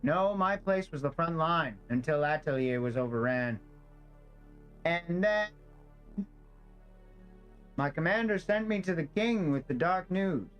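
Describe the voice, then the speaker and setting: A weary soldier who is only a head on a machine body, speaking in a stiff, flat robotic voice, as a man puts him on. The voice sits a little high, with faint game music behind it. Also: measured pace, long pauses, smooth, low-quality recording. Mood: grave.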